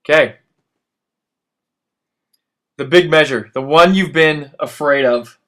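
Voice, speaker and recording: Slow-paced with a sharp tone and a voice on the high side, a man in his thirties narrates his own workout footage as a fitness instructor. His encouragement is urgent, and he's out of breath after each exercise.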